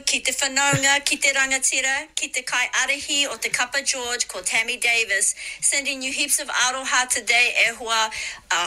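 A woman's voice: sits high, pushed and bright, poor audio. A woman giving a formal recorded greeting. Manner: formal, mixes Māori phrases.

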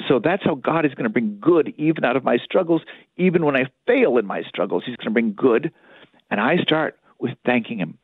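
A man's voice: mid-range voice, slightly rough, dry recording, phone-quality sound. A man, a priest and spiritual director, talking earnestly on a Catholic radio show and acting out inner thoughts to make a point. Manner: earnest preaching, voices inner thoughts, repeats for emphasis.

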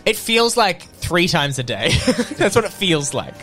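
A man's voice: sits high, very animated, a little slow, bright, forceful tone, faint music behind. A man co-hosting a podcast in casual, playful chat. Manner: playful, giggly. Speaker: podcast co-host.

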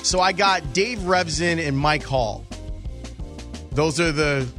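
A man's voice: on the high side, pushed and bright. A man hosting a sports radio show, telling stories in a jokey, self-mocking way. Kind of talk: casual sports radio chat. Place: radio studio.

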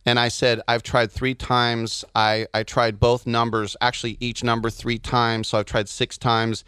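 A man co-hosting a podcast, telling animated stories in casual chat and slipping into silly voices. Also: mid-range voice, measured pace, clean tone, no echo, clean studio sound. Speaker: podcast co-host.

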